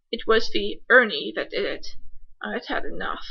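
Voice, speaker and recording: A woman's voice: fairly high pitch, normal speed, vocal fry, bright, forceful tone. A woman reading a short story aloud, narrating dryly and voicing each character. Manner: voices each character, dry wry narration. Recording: dull lo-fi recording.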